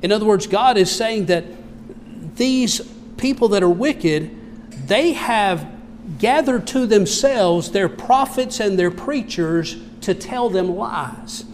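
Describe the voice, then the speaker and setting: A man with a Southern American accent preaching a sermon, reading scripture slowly and solemnly, then explaining it in plain, folksy talk. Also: sits high, long reverb tail, a little hiss or hum. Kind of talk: expository sermon reading King James scripture.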